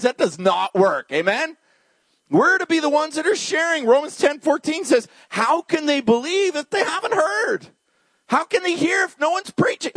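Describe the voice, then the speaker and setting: A man's voice: very high-pitched, dry recording. A man preaching a humorous, story-filled sermon, joking with and questioning the congregation. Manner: humorous, animated, talks to the congregation.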